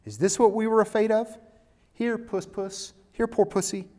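A man's voice: sits high, steady tone, moderate pace, dark tone, long reverb tail, voice pushed up, lightly acted. A man doing a sneering, taunting evil creature. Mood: mocking. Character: jeering evil creature mocking a captive lion.

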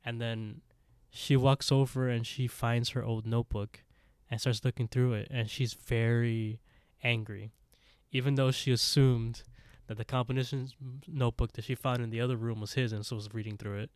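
A man's voice: mid-range voice, flat delivery, moderate pace, clear, resonant tone, no room sound, clean studio sound. A man casually recapping a drama episode on a podcast, rambling and leaning on "like" as he retells the scenes. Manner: rambling, full of "like" fillers and retold dialogue. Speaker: podcast co-host.

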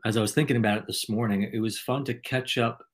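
A middle-aged man, a podcast host being interviewed, speaking in a measured way with ornate, playful wording. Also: medium pitch, fairly even intonation. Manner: ornate, playful word choice, measured delivery. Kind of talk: conversational interview.

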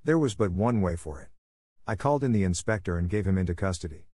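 Male audiobook narrator, low voice, dry close recording, measured first-person telling. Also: lively intonation, mellow, no echo.

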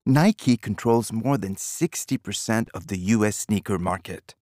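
A man's voice: lowish voice, expressive, a little slow, a little mellow, no echo, studio quality. A man speaking in a scripted lesson dialogue, plain and informative.

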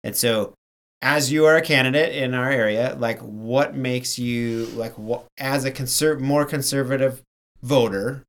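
A woman's voice: extremely low pitch, fairly even intonation, a little slow. A woman co-hosting a casual interview who jokes and teases her guest. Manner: joking, teasing. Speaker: podcast co-host.

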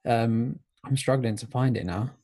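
A man's voice: medium pitch, normal speed, mellow. A man with a mid-range voice joins a casual podcast as a guest. He speaks politely and modestly, with easy good humour, over a video call.

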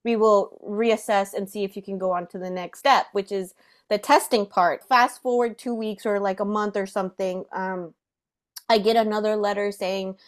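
A woman's voice: medium pitch, fairly even intonation, moderate pace. A young woman hosting a podcast, telling a personal story animatedly with frequent laughter. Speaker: podcast host. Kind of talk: casual storytelling.

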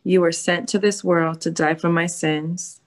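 A man's voice: on the high side, steady tone, unhurried. A man answering a preacher with short affirmations and repeating a prayer after him. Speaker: listener responding to preacher.

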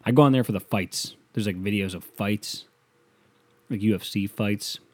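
A man's voice: lowish voice, moderate pace, darkish tone. A man delivering a profane, sarcastic comedic rant as a solo monologue.

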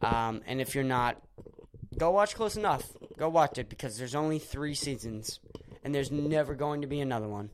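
A man hosting a podcast, ranting angrily with heavy swearing, shouting at times and then sinking into low, bitter grumbling. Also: animated, normal speed, a little hiss or hum. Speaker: podcast host. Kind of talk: angry podcast rant.

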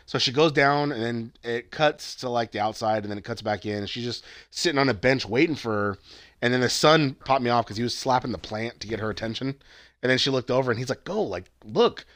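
A man's voice: medium pitch, fast talker, a bit bright, dry recording, clean studio sound. A young man casually retelling a movie plot, acting out the characters' lines and swearing freely. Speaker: podcast co-host. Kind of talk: casual movie review chat.

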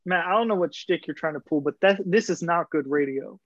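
A young man co-hosting a casual podcast, ribbing his friends in quick back-and-forth. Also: fairly high pitch, no room sound. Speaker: podcast co-host. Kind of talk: casual chat. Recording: dull dry podcast mic.

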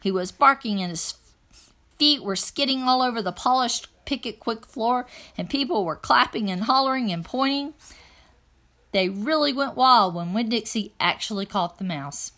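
A woman reading a children's novel aloud in an even, plain first-person narration. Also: fairly high pitch, normal speed. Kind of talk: read-aloud storytelling.

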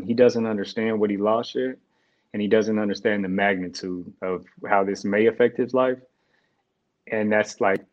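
A young man, a guest, telling an emotional personal story in a halting, reflective way with restarts. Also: on the low side, darkish tone. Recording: dull lo-fi sound.

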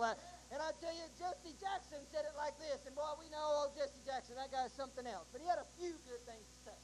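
A woman preacher delivering a sermon in a folksy way, rising into shouted climaxes with a rhythmic "uh" between phrases. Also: high-pitched, brisk, rough recording. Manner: folksy storytelling asides.

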